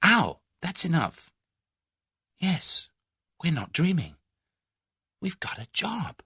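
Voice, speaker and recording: Breezy young gentleman adventurer, jaunty and game, read by the male narrator. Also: lowish voice, big pitch swings, moderate pace, slightly rough, dry recording, studio quality, heavily acted. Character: cheerful young English man adventurer.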